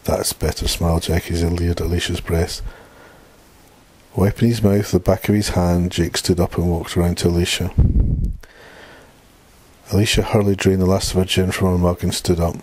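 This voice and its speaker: A man reading a dark short story aloud in a plain, steady way. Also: sits low, normal speed, pauses often, no echo. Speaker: narrator.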